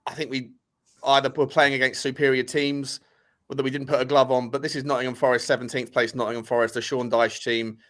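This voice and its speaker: A man's voice: medium pitch, little pitch movement, fast, fairly bright tone. A man hosting a casual fan podcast, chatty and upbeat with plenty of banter. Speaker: podcast host.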